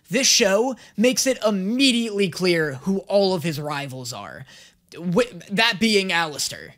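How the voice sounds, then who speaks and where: A casual reaction-video host riffing sarcastically between clips and swearing freely. The delivery is animated, with the pitch swinging up and down a lot. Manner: sarcastic, profane, quick asides.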